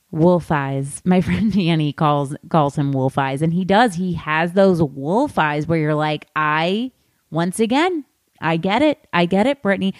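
Chatty woman, low voice, dry sound. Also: dry recording. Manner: chatty, animated, gossipy asides to listeners. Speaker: podcast host. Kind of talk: casual book-discussion chat.

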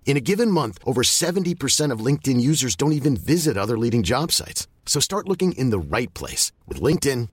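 Husky man reading an ad, dry sound. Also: mid-range voice, no room sound. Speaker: ad voice-over. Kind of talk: scripted ad read.

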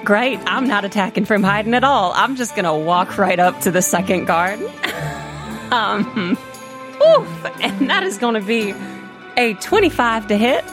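A woman's voice: medium pitch, expressive, a little slow, music in the background. Confident, playful female player. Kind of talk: tabletop game play.

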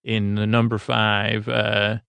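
Guy with a raspy low-key voice, dry close sound, just rambling thru a story, lots of uhs. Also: monotone, takes it slowly, fairly bright tone, dry recording. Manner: meandering, full of "uh" and "like". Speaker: podcast host. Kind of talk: casual, rambling story retelling for sleep.

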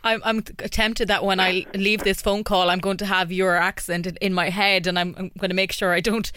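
A woman interviewing a guest in a chatty, upbeat way, quick to laugh. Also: mid-range voice, level tone, fairly bright tone, clear, resonant tone, no room sound. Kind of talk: casual interview chat.

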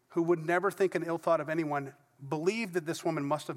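Middle-aged pastor, bright voice, churchy reverb. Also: male voice, on the high side, fairly even intonation, fairly quick, hardly any pauses. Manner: conversational storytelling with asides. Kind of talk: sermon. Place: church sanctuary before a congregation. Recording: long reverb of a large church hall.

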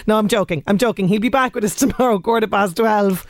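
A woman's voice: mid-range voice, quick pace, few pauses. A woman with an Irish accent presenting a radio show in casual chat, laughing often as she talks.

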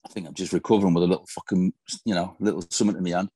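A man in his fifties tells old football stories in a casual interview, swearing freely. His voice sits low. The sound is dry and close. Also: fairly even intonation, very fast, dark tone, dry recording. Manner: profane, storytelling, swears constantly. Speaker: former footballer, guest.

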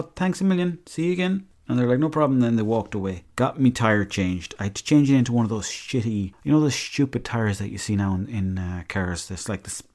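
An Irish man with a lowish voice tells comic stories on his podcast. He wanders from one tangent to the next and swears freely as he goes. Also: a little mellow. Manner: rambling, profane storytelling. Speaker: podcast host. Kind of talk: comic monologue.

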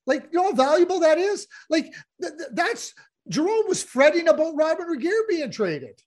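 A man's voice: very high voice, normal speed. A middle-aged man co-hosting a hockey podcast, telling stories in casual chat and often repeating words as he gets going. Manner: storytelling, animated, repeats words. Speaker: podcast co-host, former hockey executive.

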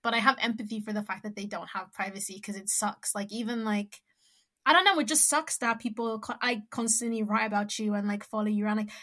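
A woman co-hosting a podcast in casual chat, talking haltingly with many restarts and fillers. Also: medium pitch, fairly bright tone. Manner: hesitant, full of "like" and trailing restarts. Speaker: podcast co-host.

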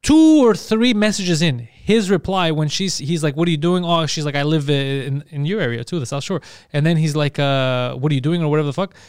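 A man hosting a podcast in casual chat, swearing freely and acting out quoted texts in a lower voice. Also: a little mellow, clean tone, dry recording, studio quality. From Montreal, Canada. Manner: profane, fast storytelling, acts out quotes in a lower voice. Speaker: podcast host.

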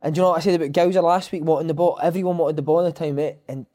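Scottish ex-player in his thirties, quick-fire storyteller, slightly high voice. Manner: lively storyteller, breaks into shouted impressions and laughter. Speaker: former footballer, podcast guest. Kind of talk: casual chat.

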